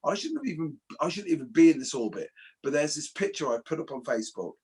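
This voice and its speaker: A man's voice: a little high, fast talker, slightly rough. A man from England, a martial arts instructor telling stories in casual chat on a video call. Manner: animated storyteller, swears casually.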